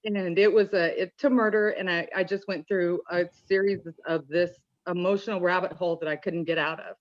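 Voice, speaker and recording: A woman giving an emotional personal testimony in an earnest, halting way with many restarts, choked up at times. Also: fairly low pitch, fairly even intonation, muffled recording. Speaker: call-in participant.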